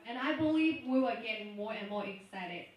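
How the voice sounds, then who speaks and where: A woman's voice: on the high side, lively intonation, normal speed, lo-fi sound, a little hiss or hum. A woman emceeing a conference, welcoming the audience in an upbeat way before introducing the speaker. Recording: echoey hall from a distant mic.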